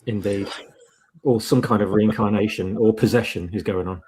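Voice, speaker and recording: A man's voice: lowish voice, fairly even intonation, normal speed, a little mellow, breathy edge, poor audio. A man with a posh-leaning East Midlands accent, co-hosting a live chat show with teasing, chatty banter. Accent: East Midlands English with a posher southern lean.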